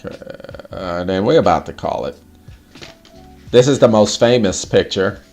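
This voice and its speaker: A man hosting a casual livestream chat, animated, laughing often and swearing casually. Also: fairly low pitch, moderate pace, faint music behind. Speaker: livestream host.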